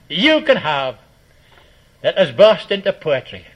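A high-voiced man preaches, acting out the quotes in his stories and swinging from booming to hushed. The recording is dull and lo-fi. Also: animated, moderate pace. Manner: dramatic storytelling with acted quotes and sudden loud and soft swings. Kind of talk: sermon.

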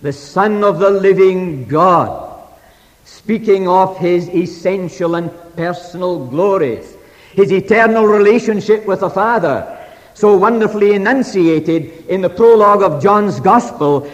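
A man preaching a sermon, slow and emphatic, stressing scripture phrases in old-fashioned wording. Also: sits high, dull audio. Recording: long reverb of a hall.

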